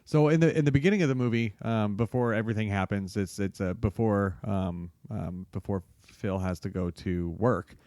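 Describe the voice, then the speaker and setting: Low-voiced man on a dry mic. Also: normal speed, few pauses, a little mellow, no room sound. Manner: laid-back, short agreeing replies. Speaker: podcast co-host. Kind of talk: casual movie discussion.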